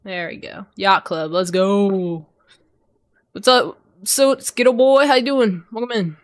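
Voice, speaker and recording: A young woman chats casually with her stream audience and swears while crafting, speaking a little slowly at medium pitch. The audio is clean, with no room sound, but her desk microphone loses her voice when she turns away.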